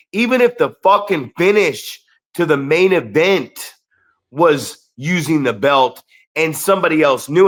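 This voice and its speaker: A man's voice: medium pitch, fairly bright tone. A man co-hosting a podcast, chatting casually about wrestling and his students, telling stories bluntly with plenty of swearing. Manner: blunt, profane, storytelling. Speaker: podcast co-host, wrestling trainer.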